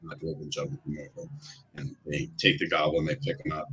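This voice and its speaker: A man's voice: very deep voice, level tone, fast, creaky, bright, forceful tone, muffled recording. A man narrating as game master in a loose, rambling way with many fillers.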